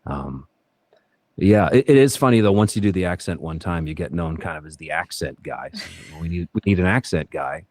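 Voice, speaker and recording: An actor guesting on a casual podcast interview rambles reflectively, full of fillers and restarts. His low, darkish voice is expressive and fairly quick, recorded with no room sound.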